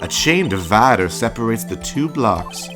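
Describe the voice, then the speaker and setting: A man's voice: on the low side, expressive, moderate pace, lightly acted. A man voicing a brash, cocky former woman detective who runs a lunch stand, with a smug, taunting manner. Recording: game music behind voice.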